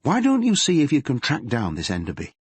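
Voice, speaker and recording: A brisk female detective handing out tasks in a matter-of-fact way, voiced by a male narrator. The tone is husky with a lively lilt. The recording is dry. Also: mid-range voice, no room sound, voice pushed up, full character voice. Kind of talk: audiobook character reading.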